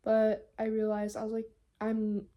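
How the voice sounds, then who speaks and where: A woman's voice: fairly high pitch, monotone, unhurried, highs cut off. A young woman chatting at home in a casual vlog, anxious and rambling. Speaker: vlogger.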